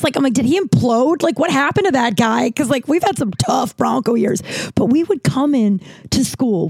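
A young woman comedian and podcast host telling a rambling story in casual chat, full of fillers, swearing and animated quoting. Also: medium pitch, creaky, dry recording. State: breathing trouble.

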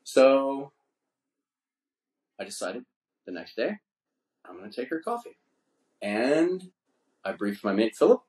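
A man's voice: mid-range voice, sing-song, slow, long pauses, darkish tone. A man in his fifties hosting a podcast, telling a long, crude, boastful story in casual chat. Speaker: podcast host.

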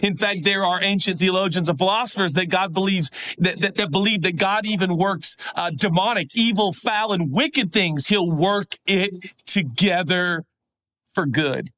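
A middle-aged man preaching a sermon, conversational, swinging between animated high stretches and hushed, low pleading. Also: normal speed. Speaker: pastor.

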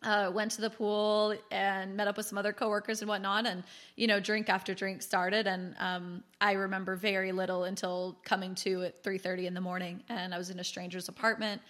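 A woman's voice: mid-range voice, a little fast. A woman in her thirties, a guest telling her own story in a candid, chatty way and acting out quotes. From California. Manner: chatty, animated, acts out quotes. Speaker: guest, business founder.

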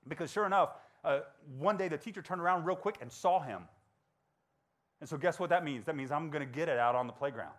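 Male speaker, 40s, school talk, animated and conversational, acts out voices. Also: a little high, a little fast. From Georgia. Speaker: motivational speaker. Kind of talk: storytelling talk to students.

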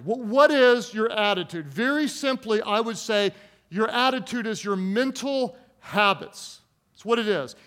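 A man preaching a sermon who jokes with the congregation, calls for their responses and slows down to stress key words. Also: extremely high pitch, a bit bright. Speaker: pastor.

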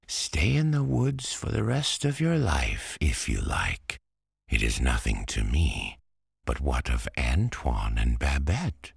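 A fussy, brisk witch from a Halloween storybook, as a deep-voiced man puts her on, lifted higher than his own low voice. She speaks in a breathy half-whisper, and the sound is close and dry. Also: wildly swooping pitch, no room sound, exaggerated voice.

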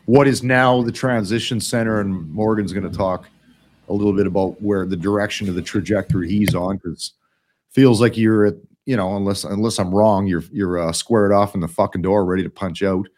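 Man, middle-aged, podcast host, lowish pitch, blunt, rambling, frequent swearing. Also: steady tone, normal speed, darkish tone. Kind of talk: casual podcast chat.

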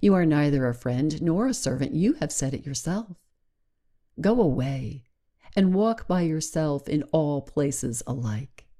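A woman voicing a wise, proud cave-dwelling woman from a fairy tale, speaking in a measured, bargaining way. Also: low-pitched, animated, dark tone. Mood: dismissive.

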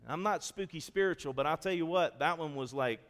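Animated preaching man in a reverberant hall. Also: a little high, fairly quick. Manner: animated storytelling, acts out quotes. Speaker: pastor. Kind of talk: sermon.

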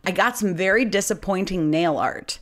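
A woman's voice: lowish voice, animated, moderate pace. A woman in her thirties co-hosting a podcast, telling stories in casual chat and swearing freely. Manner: chatty storyteller, swears freely. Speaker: podcast co-host.

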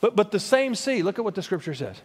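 A man preaching with a high-pitched voice, pressing his points hard and stumbling over repeated words as he pushes forward. A long reverb hangs after each phrase. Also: big pitch swings, quick pace, husky. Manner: emphatic, repeats words when building a point. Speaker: pastor. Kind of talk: sermon.

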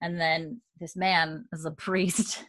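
Low-voiced woman, casual podcast co-host, rambling recap full of fillers. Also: little pitch movement, slow pace, a bit bright. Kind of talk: casual chat.

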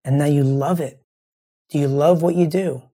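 A man's voice: fairly high pitch, fairly even intonation, normal speed, dark tone. A man hosting a show, speaking in an earnest, rambling monologue to his listeners while grieving and close to tears, often repeating himself. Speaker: show host.

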